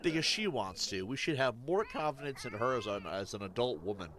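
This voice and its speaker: A man giving casual gameplay commentary as a streamer, excitable and sarcastic, swearing and laughing often. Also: mid-range voice, a little fast, a little hiss or hum. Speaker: gaming streamer.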